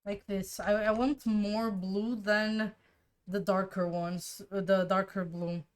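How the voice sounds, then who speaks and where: A woman streamer thinking aloud to herself while drawing, trying colors and musing in a relaxed, casual way. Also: medium pitch, slow, smooth. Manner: musing to herself, trial and error, soft laughs.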